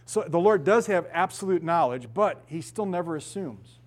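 A man's voice: sits high, lively intonation, moderate pace. A middle-aged man preaching as a pastor, telling stories animatedly and acting out the voices of the people in them, laughing often. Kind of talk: sermon.

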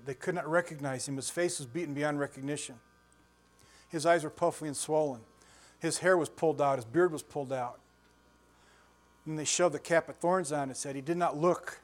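A man in his sixties preaching a conversational sermon, telling folksy stories, chuckling often and putting questions to his listeners. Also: on the high side. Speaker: pastor.

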